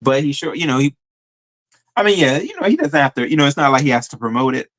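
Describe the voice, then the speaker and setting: Bright-voiced man chatting on a live stream. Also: medium pitch, fast. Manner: animated storytelling, addresses viewers as y'all, frequent fillers. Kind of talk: casual live stream chat reading comments.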